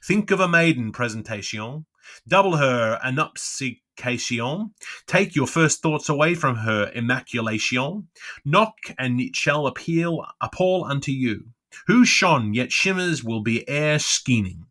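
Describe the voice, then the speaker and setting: A man's voice: mid-range voice, unhurried. Man cold-reading dense literary prose. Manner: lilting, expressive delivery with occasional stumbles on words. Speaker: reader.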